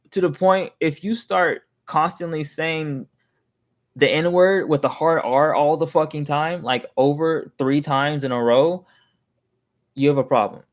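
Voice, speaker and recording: A young man venting in a casual, rambling monologue, heated and swearing freely, often restarting his sentences. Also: fairly high pitch. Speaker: vlogger.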